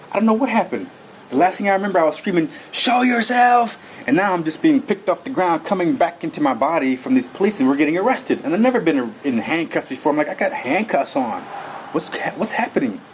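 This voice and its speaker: A man's voice: a little high, darkish tone, a little hiss or hum, rough recording. A man recounting a personal experience in an earnest, rambling way, full of fillers and restarts. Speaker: guest telling his story. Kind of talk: personal testimony.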